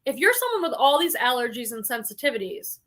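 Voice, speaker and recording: A woman with a fairly high, somewhat bright voice speaks quickly, her pitch swinging widely. She hosts a casual reseller livestream, chatting freely, reading viewer comments aloud, and often saying "like" and "um."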